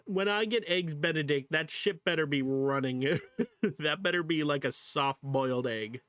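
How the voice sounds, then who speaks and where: A man's voice: a little high, a bit bright, clear, resonant tone, dry recording. A male streamer chatting casually to viewers while reacting to a video, laughing often, swearing freely and exclaiming at what he sees. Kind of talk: casual livestream reaction chat.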